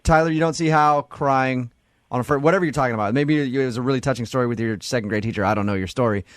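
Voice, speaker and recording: A man's voice: mid-range voice, fast talker, dry recording, clean studio sound. A man hosting a radio show, laying out the story and teasing the caller.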